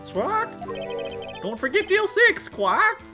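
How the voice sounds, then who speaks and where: A woman's voice: extremely high pitch, big pitch swings, slow, music in the background, voice pushed up, heavily acted. A woman voicing a female parrot witness that squawks and repeats short phrases. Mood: squawking.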